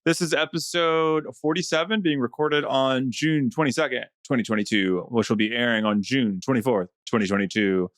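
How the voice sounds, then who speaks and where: A man's voice: mid-range voice, normal speed, hardly any pauses, no room sound, studio quality. A man hosting a casual finance podcast, bantering and joking with his co-host. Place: Brooklyn.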